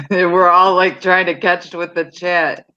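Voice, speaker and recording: A woman's voice: lowish voice, slow pace, highs cut off, a little hiss or hum. Woman chatting animatedly on a video call. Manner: animated storytelling that acts out quoted dialogue. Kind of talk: casual chat on a live stream.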